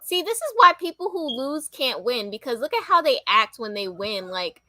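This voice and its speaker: A woman co-hosting a review chat in a bright, slightly high voice. The sound is close and dry, and she states her opinions in a measured way. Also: big pitch swings, dry recording. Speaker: co-host.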